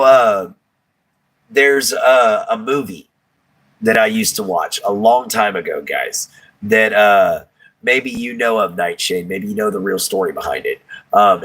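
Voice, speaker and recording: Husky man chatting with viewers. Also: lowish voice, normal speed, a bit bright, low-quality recording. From Texas. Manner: rambling, folksy, chuckles often. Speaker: livestream host. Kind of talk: casual chat with live viewers.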